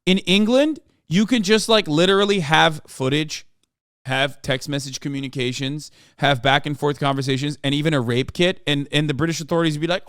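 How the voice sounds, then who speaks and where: A man's voice: on the high side, fairly quick, fairly bright tone, clear, resonant tone, dry recording, studio quality. A man streaming a reaction to a news article, heated and profane, rambling in bursts. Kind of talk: reaction commentary.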